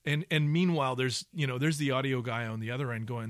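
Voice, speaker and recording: A man's voice: medium pitch, fast talker, dry recording, clean studio sound. A man co-hosting a podcast, talking casually about voice work, rambling with many restarts and asides. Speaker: podcast co-host, audio professional.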